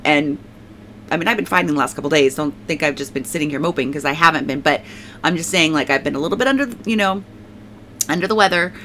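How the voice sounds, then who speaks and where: A woman's voice: low-pitched, fast talker, a bit bright, slight background noise. A woman giving a casual spoken faith testimony, rambling and emphatic, leaning on "like" and repeating herself, and now and then thanking God aloud. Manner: prays aloud.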